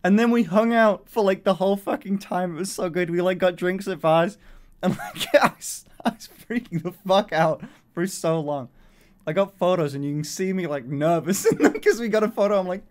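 Young male streamer, casual and excitable, fillers and swearing, slightly high voice. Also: normal speed.

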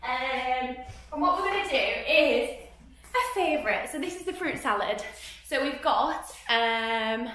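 A woman's voice: high-pitched, expressive, unhurried, fairly bright tone. A woman leading an online group singing lesson, cheerful and chatty, laughing as she sings and claps along. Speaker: music session leader. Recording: echoey room, from far off the mic.

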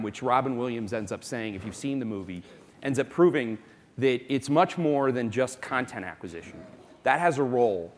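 A man from South Florida speaking as a company executive on a conference panel, emphatic and quick to make his point. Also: medium pitch, lively intonation. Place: conference hall. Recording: long reverb of a conference hall.

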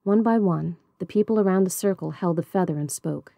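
Woman reading a novel, mellow and dry. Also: lowish voice, fairly quick, creaky, few pauses, no room sound. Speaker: audiobook reader. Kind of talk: storybook narration.

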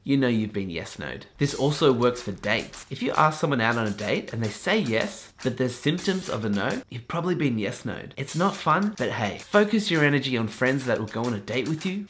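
A man's voice: medium pitch, lively intonation, normal speed, few pauses, fairly bright tone, slight background noise. A man hosting a comedic advice vlog, answering viewer questions in a sarcastic, jokey way.

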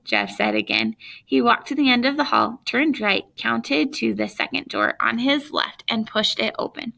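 A woman teacher reading a children's book aloud to students, expressive, with chatty asides to her listeners. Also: fairly high pitch, normal speed, vocal fry.

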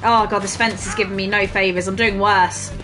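A woman's voice: medium pitch, steady tone, a little fast, music in the background. A woman commentating casually as she plays a game, swearing freely and laughing at her own mistakes. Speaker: gaming streamer. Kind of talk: casual let's-play commentary.

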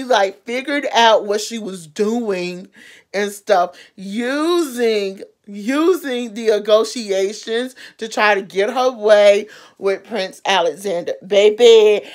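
A woman vlogger giving a casual, rambling movie recap with lots of fillers. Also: on the high side. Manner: rambling, animated retelling with many fillers.

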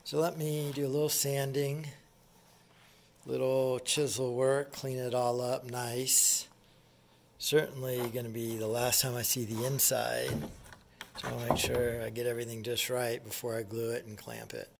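A man casually explaining a woodworking project, thinking aloud in a relaxed way as he works. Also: medium pitch, measured pace, creaky, noisy background.

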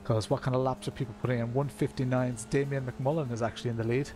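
Irish guy, streamer, mid-pitched, easygoing chatter with lots of fillers, talks to his chat while he drives. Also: little pitch movement, fast talker, over music. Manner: chatty, greets viewers by name, many fillers. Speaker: sim racing streamer. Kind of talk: casual live-stream commentary while racing. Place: room at home.

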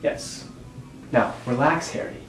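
Calm male instructor, roomy distant sound. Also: slow pace, soft background music. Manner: calm, gently directive. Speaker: music instructor. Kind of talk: step-by-step instruction. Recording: roomy echo, distant mic, background hiss.

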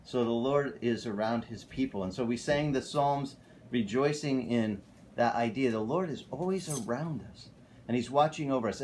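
A male pastor preaching a casual, animated sermon at a church fellowship. He often tells stories and corrects himself mid-sentence. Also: medium pitch, a little hiss or hum. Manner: animated, storytelling, self-correcting.

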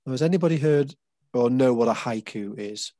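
A man's voice: medium pitch, brisk, mellow, no echo. An English man leading a casual group session, explaining patiently with many fillers and restarts. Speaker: workshop leader.

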